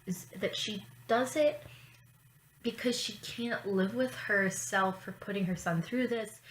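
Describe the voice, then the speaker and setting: Woman vlogger, low-ish pitch, loose and profane, quick asides; roomy room, faint hum behind. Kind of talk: casual chat. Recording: roomy echo, faint ambience.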